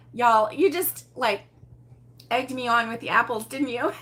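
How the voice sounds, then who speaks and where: A woman with a slightly high voice hosts a casual livestream from home. She reads and answers viewer comments in a chatty, exclamatory way, with frequent laughs and cries of surprise. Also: fairly bright tone. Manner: chatty and exclamatory, often saying "oh my goodness" and laughing. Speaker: host of a crochet livestream. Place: at home with her husband nearby.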